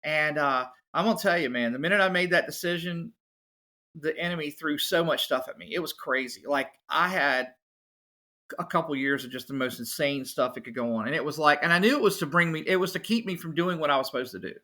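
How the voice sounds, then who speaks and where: A man, a musician and podcast guest, telling his story in a casual, animated way. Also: fairly high pitch, fairly quick. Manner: animated, acts out other people's voices.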